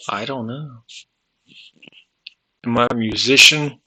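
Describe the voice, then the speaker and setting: A man in his forties from the United States, thinking aloud in a halting, searching monologue that is full of restarts and repeated questions while he has been drinking. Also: medium pitch. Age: 40s. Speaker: vlogger. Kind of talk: rambling philosophical monologue.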